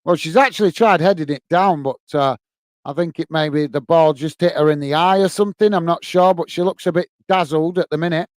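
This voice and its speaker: A man from England hosting a fan watch-along, giving excited live match commentary and reading out chat comments. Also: fairly high pitch, fairly quick, no room sound.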